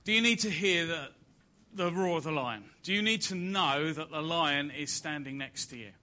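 Bright-voiced male preacher, rising and falling. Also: moderate pace. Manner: swells to loud emphatic peaks, then drops soft and low. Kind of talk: sermon. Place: church service.

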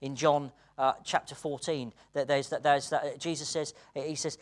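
Earnest and British, this preacher speaks at normal speed with few pauses in a mid-range voice. His sermon shifts between hushed and excited passages, punctuated by laughter between points.

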